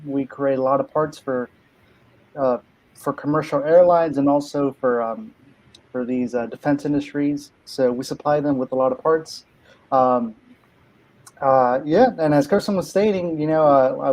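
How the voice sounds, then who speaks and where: A man's voice: mid-range voice, a little mellow, low-quality recording. A young man in his twenties, a guest engineer on an online panel, talking modestly with many hesitant ums. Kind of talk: casual online panel chat.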